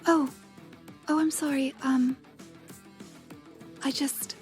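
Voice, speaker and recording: A timid young princess in hiding, whispered by a woman, stumbling over her words in a breathy hush. Her voice sits a little high. Soft music plays faintly behind her. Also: fast talker, close to an everyday voice. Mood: flustered. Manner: stammering, apologetic.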